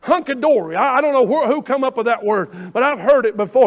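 A man preaching a folksy sermon, moving from quiet talk to loud, shouted exhortation. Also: very high voice, lively intonation, fast, hardly any pauses. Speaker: pastor.

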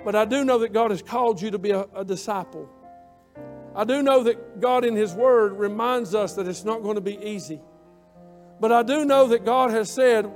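A man's voice: high voice, normal speed, faint music behind. A man preaching a sermon, impassioned and repeating himself as he builds.

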